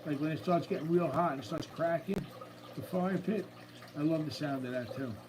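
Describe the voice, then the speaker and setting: A man with a high-pitched voice hosts a relaxed live stream from his room at home, chatting upbeat and easy with his viewers. A tank's running water trickles faintly behind him. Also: moderate pace, noisy background. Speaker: livestream host. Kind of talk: casual live-stream chat. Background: faint running water from a tank.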